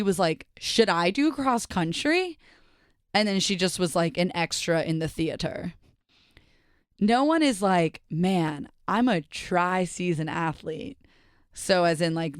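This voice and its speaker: A woman's voice: on the low side, smooth, no room sound, studio quality. A young woman from New Jersey, hosting a casual solo podcast and chatting animatedly, with lots of "like" asides. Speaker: podcast host.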